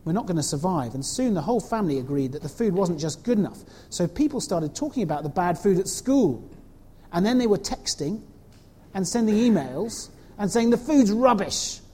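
Animated woman telling a children's story. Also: medium pitch, moderate pace, slightly rough, big-room sound. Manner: animated, asks the children questions. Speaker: children's talk leader.

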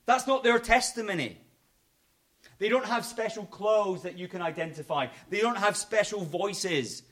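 A man preaching a sermon, swinging between emphatic high points and quiet low endings. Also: moderate pace.

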